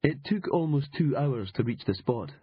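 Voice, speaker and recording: Brief: husky male narrator, dry sardonic read, slightly dull studio sound. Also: medium pitch, expressive, normal speed. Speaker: audiobook narrator. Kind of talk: scripted narration.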